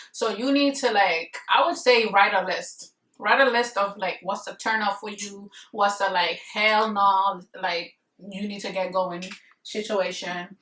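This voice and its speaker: A woman's voice: medium pitch, fairly bright tone. Blunt, rambling young woman vlogger. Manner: rambling, many fillers, blunt and emphatic. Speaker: vlogger giving marriage advice. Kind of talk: casual advice chat to camera. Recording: echoey room, voice a bit far from the mic.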